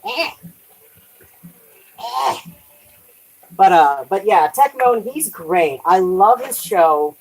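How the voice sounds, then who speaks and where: A woman's voice: mid-range voice, lively intonation, extremely slow, pauses often, darkish tone, breathy edge, low-quality recording. A woman chatting casually on a live stream while doing dishes at home, rambling, trailing off and swearing lightly.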